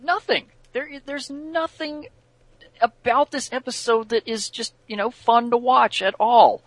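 A man's voice: very high voice, steady tone, measured pace, no room sound. A man co-hosting a podcast, giving an exasperated, opinionated critique of an episode. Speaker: podcast co-host. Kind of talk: casual chat, critique.

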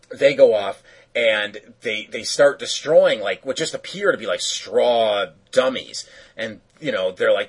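A man's voice: on the low side, moderate pace, husky, rough recording. A man casually recapping a cartoon episode, rambling with lots of fillers and self-corrections.

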